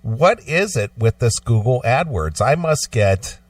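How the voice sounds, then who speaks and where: Male radio host, lively, chatty banter, a bit off-mic in a dry room. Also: mid-range voice, measured pace, dry recording, recorded from a distance. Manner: chatty, repeats himself, asks pointed questions. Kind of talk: casual on-air banter. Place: radio studio.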